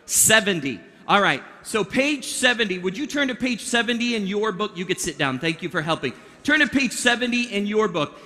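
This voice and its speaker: A man's voice: sits high, lively intonation, fairly quick, hardly any pauses, pushed and bright. A man performing a mind-reading act for a youth audience, chatting playfully and directing volunteers. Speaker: magician performing for a youth group. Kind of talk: interactive stage patter. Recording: long hall reverb.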